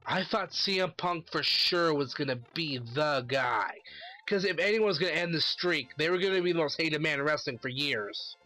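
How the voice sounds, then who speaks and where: A man's voice: on the high side, moderate pace, bright, forceful tone, soft background music. A man giving a casual solo commentary, ranting animatedly and swearing constantly. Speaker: wrestling commentary vlogger.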